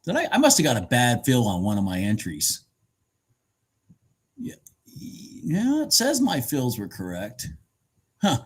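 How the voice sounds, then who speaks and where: A man giving casual live commentary on his futures trades, excitable and swearing freely as he talks to himself and his viewers. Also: mid-range voice, unhurried, pauses often, breathy edge.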